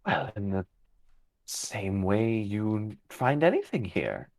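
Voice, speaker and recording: A man voicing a calm, knowing female fey being in a tabletop game, speaking slowly and in a measured way. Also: lowish voice, vocal fry, no room sound, studio quality, exaggerated voice.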